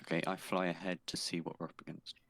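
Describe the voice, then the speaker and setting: A man's voice: low voice, level tone, fast talker, a crowd in the background. A man playing in a tabletop game, eager and stumbling over his questions. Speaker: player. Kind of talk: casual tabletop play.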